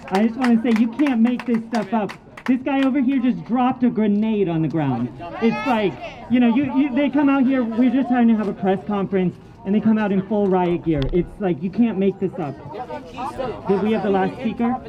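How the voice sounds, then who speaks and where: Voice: medium pitch, moderate pace, highs cut off, a crowd in the background. A person organizing an outdoor press conference, calling up speakers and making casual, exasperated remarks. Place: outdoor parking lot.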